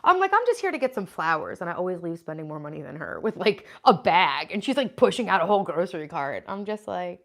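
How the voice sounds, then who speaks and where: A woman's voice: fairly low pitch, sing-song, quick pace, gravelly, hardly any pauses. Thirties woman host, loose talky livestream delivery, lots of ums. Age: 30s. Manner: chatty, scattered, frequent "um" and "like" while listing groceries. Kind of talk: casual livestream chat, reading viewer comments.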